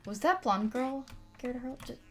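A woman livestreaming gameplay, reacting excitedly and swinging from low mutters to loud shrieks. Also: normal speed, soft background music. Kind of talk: gameplay commentary.

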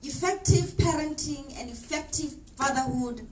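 A woman's voice: high voice, moderate pace, faint music behind. A woman panelist making a formal, emphatic statement. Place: exhibition hall. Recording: distant mic, faint noise.

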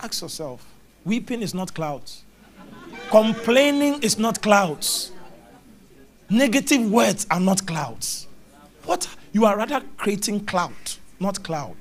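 A man preaching a charismatic sermon, animated, acting out little scenes with mimicked voices and sounds. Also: sits high, slow pace. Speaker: prophet preaching.

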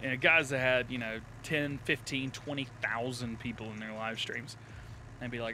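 A man with a drawl hosting a live game stream, chatting casually with viewers, laughing often and thanking them warmly. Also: mid-range voice, normal speed, slight background noise. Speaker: live-streaming gamer host. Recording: light game music behind.

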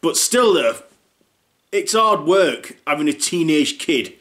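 A man's voice: fairly high pitch, big pitch swings, slow pace, a bit bright. A middle-aged man with a Northern English accent delivering a rambling comedic character monologue, blunt and casually sweary.

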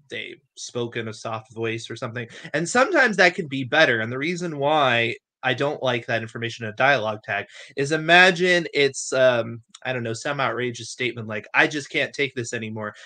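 A man's voice: mid-range voice, animated, brisk, hardly any pauses, pushed and bright, dry recording. A man co-hosting a casual talk on editing fiction, thinking aloud and working through examples conversationally. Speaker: co-host of a writing advice show.

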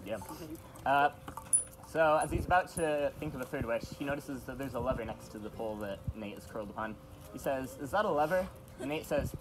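A man's voice: medium pitch, animated, normal speed, background noise. A young man improvising a story at a house party, rambling and stopping himself with chuckling asides. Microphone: phone camera.

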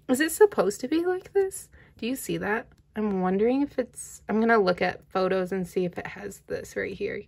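Giggly young woman unboxing vlogger. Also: mid-range voice. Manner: excitable, giggly, squeals with delight. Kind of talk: casual unboxing vlog.

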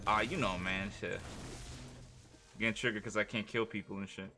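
A man's voice: fairly low pitch, steady tone, moderate pace, pushed and bright. A young man streaming a game live, chatting casually and profanely with his viewers and a teammate. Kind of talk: live gaming stream chat.

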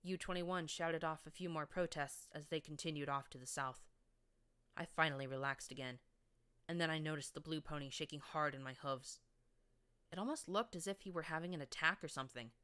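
A woman's voice: low voice, normal speed, fairly bright tone, clear, resonant tone. A woman reading a fan fiction audiobook in the first person, with a wry, sardonic tone. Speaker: audiobook narrator.

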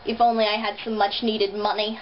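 A young woman with a slight lisp, vlogging in an animated, sarcastic, chatty way, recorded on a built-in camera mic. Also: mid-range voice, a little fast. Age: young adult. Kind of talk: casual vlog chat. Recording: dull lo-fi camera audio, faint hiss.

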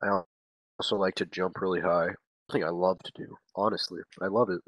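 A man doing a rambling, low-voiced slacker teen. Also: level tone, brisk, a bit bright, dry recording, rough recording. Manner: rambling, crude, slacker drawl. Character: dim-witted crude eighteen-year-old boy. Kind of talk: improvised comic monologue.

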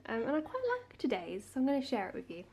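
A woman's voice: a little high, lively intonation, quick pace, warm tone, husky. A young woman in her twenties chatting casually to camera in a vlog, giggly and full of fillers. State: a little out of breath. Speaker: vlogger. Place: home, indoors.

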